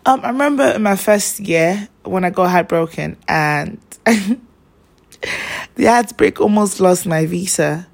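A woman's voice: fairly low pitch, measured pace, creaky. A young woman, chatting casually and telling personal stories, rambling with lots of fillers. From Nigeria.

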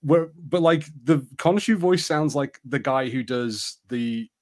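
A young man co-hosting a podcast in casual chat, full of fillers and now and then rushing into fast spurts. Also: medium pitch, a little mellow. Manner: chatty, filler-heavy, spurts of fast talk. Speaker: podcast co-host.

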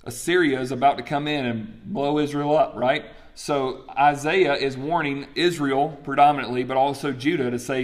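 A man teaching a Bible study class in a lively, chatty way, asking the group questions. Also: medium pitch, normal speed, few pauses.

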